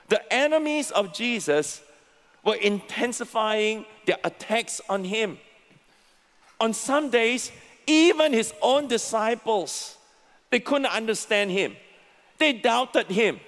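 A man's voice: sits high, fairly bright tone. A male pastor preaching a sermon, leading the congregation to repeat lines after him. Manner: preaching, leads congregation in call-and-response. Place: large church auditorium. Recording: long hall reverb, church sanctuary.

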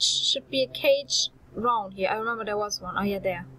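A woman's voice: medium pitch, normal speed, hardly any pauses, pushed and bright, rough recording. A woman hosting a let's-play, commenting on her gameplay with chatty, self-mocking asides.

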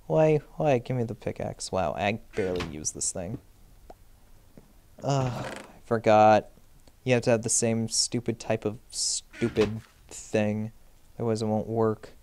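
A young Minecraft let's player commentates his own gameplay, jittery and self-mocking, yelping and pleading at monsters. His voice is lowish and a little mellow, with slight background noise.

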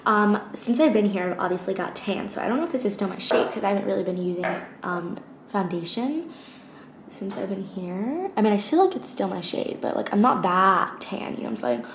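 A woman's voice: medium pitch, animated, fairly quick. Chatty young woman in an echoey room. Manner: chatty, rambling, lots of fillers. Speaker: beauty vlogger. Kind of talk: casual get-ready-with-me chat. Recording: echoey room with faint ambient noise.

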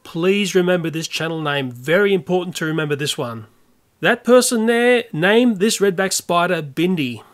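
An older Australian YouTuber delivering an earnest, opinionated rant to camera. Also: male voice, high-pitched, animated, moderate pace. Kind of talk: ranting monologue to camera.

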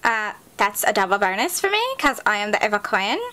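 A woman's voice: mid-range voice, sing-song, a little fast, sharp tone, pitched below the performer's own voice. A woman voicing a spoiled evil queen who is also the mayor, talking in bratty valley-girl slang in a parody sketch.

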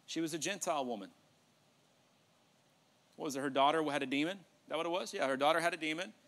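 A male pastor preaching a sermon in a church, animated, joking with the congregation and acting out dialogue. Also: on the high side, quick pace. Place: church sanctuary.

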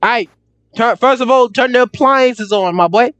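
A man's voice: very high-pitched, moderate pace, no room sound, muffled recording. A young man commentating a horror game playthrough, chatting in slang and yelping when startled. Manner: excitable slangy chatter, jumpy yelps. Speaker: gaming YouTuber.

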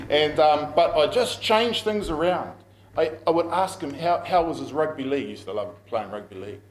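A man's voice: a little high, animated, moderate pace. A middle-aged man with a New Zealand accent preaching a sermon as pastor, telling stories in a conversational way and laughing at himself. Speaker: pastor and school principal. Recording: echoey room.

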